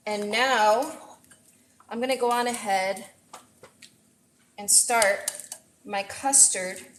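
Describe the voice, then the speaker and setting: A woman chef hosting a casual live cooking stream, chatty and excitable as she greets viewers from her kitchen. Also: fairly high pitch, slow, slight background noise, rough recording. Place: home kitchen. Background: faint frying and sizzling.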